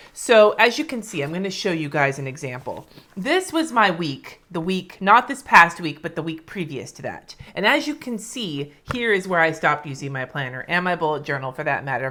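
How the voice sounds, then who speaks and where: A woman's voice: low voice, a bit bright, a little hiss or hum. A woman from California chatting casually on a live stream, answering viewers by name and swearing freely as she plans her week. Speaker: planner vlogger reading live comments. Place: home, indoors.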